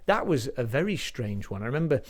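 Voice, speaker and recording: A man's voice: mid-range voice, big pitch swings, a little fast. A man, likely in his forties, performing a stand-up comedy set in a rambling, self-deprecating way, with many restarts.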